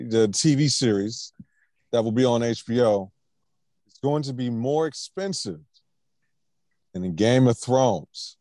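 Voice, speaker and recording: Slow, lively laid-back male podcast host. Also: medium pitch, no echo, studio quality. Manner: laid-back, laughing, steers topics along. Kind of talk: casual pop-culture podcast chat.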